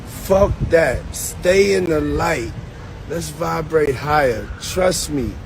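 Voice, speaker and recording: A man with a somewhat high voice talks very slowly and loosely, with slang and swearing. He is outdoors, and clear traffic noise runs behind him. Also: expressive. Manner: laid-back, slangy, profane, drawn-out delivery. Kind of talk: casual spoken clip.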